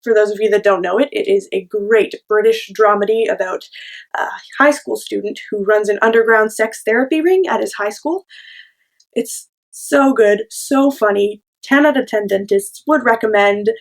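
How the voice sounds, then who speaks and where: Wry young woman with a gravelly edge. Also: medium pitch, normal speed. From Ontario, Canada. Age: 20s. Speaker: monologue performer. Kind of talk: comic self-taped monologue.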